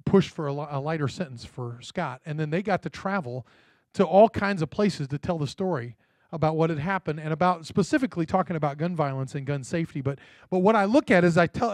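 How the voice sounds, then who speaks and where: A pastor delivers his sermon in a friendly, storytelling way and keeps turning to his listeners for a reply. He is a man whose voice sits a bit higher than most, and it is heard close and dry. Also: no echo. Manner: conversational storytelling, checks in with the congregation. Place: church.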